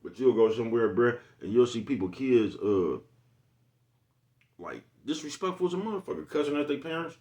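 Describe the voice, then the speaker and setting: A man's voice: mid-range voice, big pitch swings, moderate pace, darkish tone, lo-fi sound. A man in a casual, rambling vlog monologue, cursing freely and asking "you know what I'm talking about" again and again. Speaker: vlogger.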